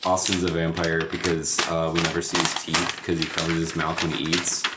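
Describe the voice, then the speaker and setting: A young man co-hosting a casual podcast, deadpan and grumpy, swearing often. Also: sits low, brisk, echoey room, very noisy. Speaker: podcast co-host. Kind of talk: casual chat.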